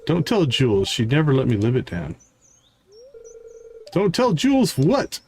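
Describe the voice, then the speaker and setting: A man streaming a farming game, reading its character dialogue aloud with varied voices and adding quick asides. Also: a little high, huge pitch swings, creaky, darkish tone, a little hiss or hum.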